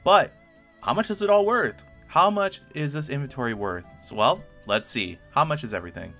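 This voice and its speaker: A man's voice: on the high side, expressive, moderate pace, pushed and bright, soft background music. A man talking through his game results as a YouTuber in casual, chatty commentary, upbeat and enthusiastic. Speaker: gaming YouTuber.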